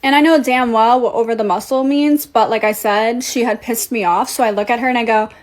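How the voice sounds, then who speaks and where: A young woman whose first language is Portuguese, telling a casual story in a blunt, profane, animated way. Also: on the high side, a little fast.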